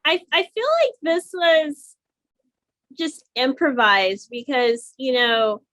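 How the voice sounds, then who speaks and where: A woman's voice: high-pitched, lively intonation, slow pace, fairly bright tone, no room sound. A woman co-hosting a podcast, giving a casual play-by-play recap of a reality competition episode with frequent restarts. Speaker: podcast co-host.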